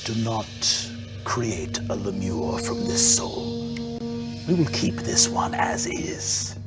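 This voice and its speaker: A man voicing a cold, scheming devil lord who speaks in a slow, low, hissing whisper. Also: huge pitch swings, loud music behind the voice, exaggerated voice. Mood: pleased.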